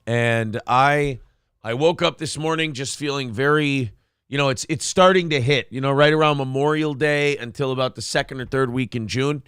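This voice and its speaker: A man's voice: medium pitch, moderate pace, fairly bright tone, clean tone, no room sound, clean studio sound. A man hosting a casual live-stream morning show, rambling jokily and reading viewer comments aloud. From Minnesota. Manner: rambling, jokey, reads chat comments aloud. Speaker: show host.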